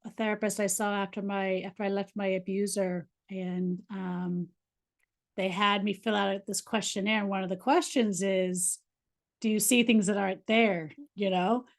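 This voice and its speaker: A woman's voice: mid-range voice, little pitch movement, normal speed. A woman hosting a podcast, chatting casually with her guest and filling her talk with "you know" and "right?". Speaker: podcast host. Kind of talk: casual interview chat.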